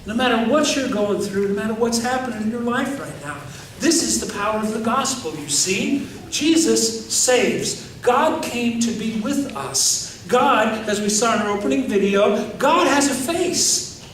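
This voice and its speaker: Male pastor preaching, pretty high voice, lots of repeating and asking the room stuff, big echo, mic kinda far off. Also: lively intonation, measured pace, fairly bright tone, a little hiss or hum. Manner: emphatic preaching with repeated phrases and questions to the congregation. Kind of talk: sermon. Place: church sanctuary. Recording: echoey church hall from far off.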